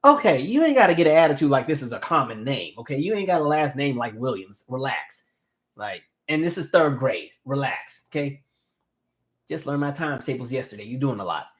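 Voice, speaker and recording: A man in his thirties hosting a casual live stream, telling animated stories and reading viewer comments aloud. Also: mid-range voice, moderate pace. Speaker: host.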